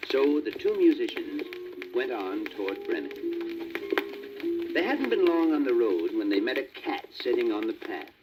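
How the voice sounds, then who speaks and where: A man narrating a children's storybook record in an expressive, lilting way, on a muffled old vinyl record with faint static. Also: medium pitch, moderate pace, music in the background.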